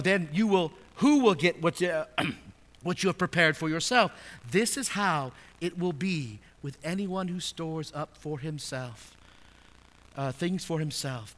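An American pastor with a high, bright voice preaches a sermon slowly in a church sanctuary, dropping to hushed, low asides before rising into loud, emphatic scripture readings. The long reverb of a large hall fills the sound, with slight background noise.

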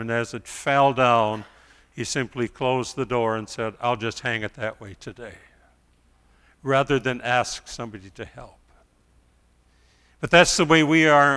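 A middle-aged male pastor preaching a sermon, telling stories quietly and then rising to loud pleas. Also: medium pitch, normal speed, clean tone, big-room sound.

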